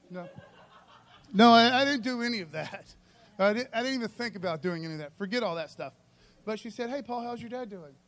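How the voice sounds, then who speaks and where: A man preaching a sermon in a loose, conversational, storytelling way, often calling the listeners "man" and swinging between soft and loud. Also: high voice.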